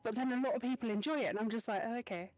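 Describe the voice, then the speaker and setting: A British woman chatting as a guest, talkative and exasperated, with quick asides. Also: a little high, fairly even intonation, darkish tone, soft background music. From Britain. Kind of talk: casual chat.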